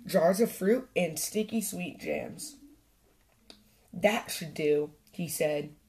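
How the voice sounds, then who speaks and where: A woman's voice: fairly low pitch, a little mellow. Woman reading a children's story aloud. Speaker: storytime host and reader.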